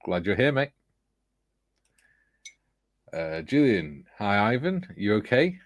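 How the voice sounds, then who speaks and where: A man's voice: on the low side, sing-song, takes it slowly, no room sound. A man hosting a casual livestream, reading viewer comments aloud with a chuckle. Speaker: livestream host reading chat. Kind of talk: casual chat.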